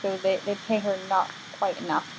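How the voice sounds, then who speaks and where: A woman's voice: medium pitch, flat delivery, a little fast, slight background noise, low-quality recording. Playful woman retelling a story. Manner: playful and irreverent, with restarts. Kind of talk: comic casual story retelling.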